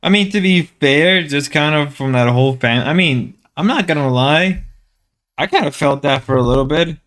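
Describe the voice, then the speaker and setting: A man's voice: on the high side, normal speed, a bit bright. A young man co-hosting a stream in casual chat, rambling and joking with hesitant restarts. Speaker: stream co-host.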